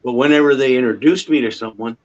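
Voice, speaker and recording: A man's voice: mid-range voice, fast, a little mellow, highs cut off. Canadian man telling stories on a livestream. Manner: rambling storyteller, chuckles often. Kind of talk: casual livestream chat.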